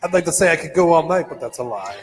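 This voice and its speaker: Wry tipsy man, slightly high voice. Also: lively intonation, fast talker, long reverb tail. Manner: wry, easygoing, teasing. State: tipsy from drinking. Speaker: podcast co-host. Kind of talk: casual bar chat. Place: bar, indoors.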